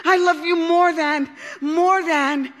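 A heartsick storybook duck, as a woman reader puts him on, pleading in a high, bright voice that climbs and cracks. His anguished declarations ring out with a long hall reverb behind them. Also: very animated, unhurried, exaggerated voice. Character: lovesick male duck, earnest and anguished.

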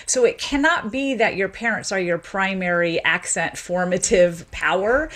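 A middle-aged woman from the American South, a guest linguist in a radio interview, explaining in an animated way and laughing easily. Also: medium pitch.

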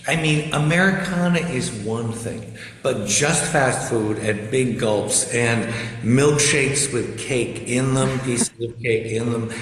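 Guy guest on a zoom call, wry, bit halting, super echoey room. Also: mid-range voice, a bit bright. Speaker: guest commentator. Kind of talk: remote interview chat. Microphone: video call. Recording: echoey video call audio.

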